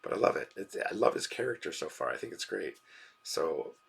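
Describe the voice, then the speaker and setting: A man's voice: sits low, sing-song, brisk, gravelly, fairly bright tone, breathy edge. A man hosting a live reaction stream, rambling casually and reading out viewers' chat messages and donations.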